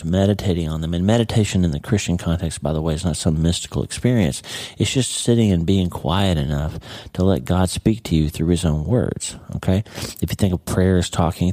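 Low, mellow-voiced man teaching Scripture. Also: dry recording. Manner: conversational, with frequent "okay?" and "right?" tags. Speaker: podcast host and Bible teacher. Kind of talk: casual devotional talk.

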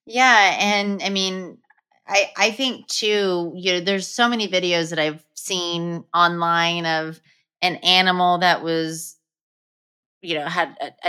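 A woman's voice: on the low side, pushed and bright, clean tone. A woman hosting a casual podcast, talking thoughtfully with hesitant restarts. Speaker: podcast host.

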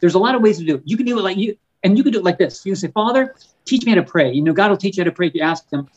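A man, an author and guest on a podcast, talking in a fervent preaching style, often repeating words and slowing down on key words. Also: sits high, darkish tone, muffled recording. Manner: fervent and emphatic, stretching key words slowly; frequent stumbles and repeated words. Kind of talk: preaching-style conversational talk.

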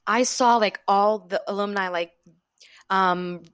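A young woman from Jordan, an acting student, telling stories as a podcast guest, animated and laughing often. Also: medium pitch, takes it slowly, clear, resonant tone, dry recording, clean studio sound. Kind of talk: casual interview storytelling.

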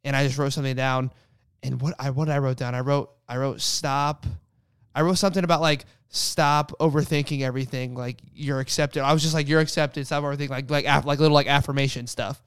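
A man's voice: mid-range voice, fairly even intonation, brisk, clear, resonant tone, no room sound, clean studio sound. A young man co-hosting a casual faith podcast, telling a personal story with lots of restarts. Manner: rambling storyteller with many restarts. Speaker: podcast co-host.

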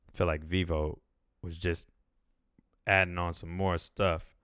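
Host, man in his 30s: unhurried, low, loose and profane chat. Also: little pitch movement, a bit bright, clean tone, dry recording, clean studio sound. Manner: rambling, profane, laughing. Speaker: podcast host. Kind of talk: casual chat.

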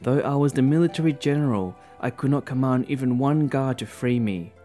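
A man's voice: mid-range voice, a little fast, warm tone, soft background music, close to an everyday voice. A man voicing Piram, a restless, foolish long-bearded young man in a storybook, pleading and lamenting.

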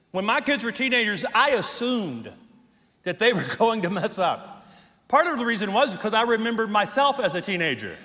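High-voiced middle-aged man preaching. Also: bright, forceful tone, big-room sound. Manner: emphatic preaching with rhetorical questions and light humor. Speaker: pastor. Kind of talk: sermon. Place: church sanctuary.

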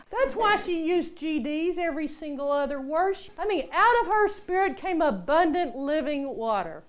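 A woman preaching a storytelling sermon, acting out the people she quotes. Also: high voice. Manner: animated storyteller, acts out quotes.

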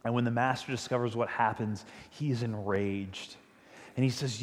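A man preaches a sermon, retelling a story in a chatty yet emphatic way. His voice sits at an ordinary middle pitch. The sound rings with the long echo of a large church hall. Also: fairly even intonation, normal speed. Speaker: pastor.

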